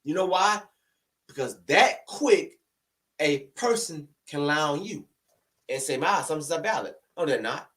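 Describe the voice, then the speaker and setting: Guy going off on camera, high voice jumping all over, arguing and asking the same question again and again. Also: very animated, normal speed, fairly bright tone, distant mic. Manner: argumentative, repeats rhetorical questions. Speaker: online commentator. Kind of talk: heated opinion rant to camera. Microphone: camera-facing recording.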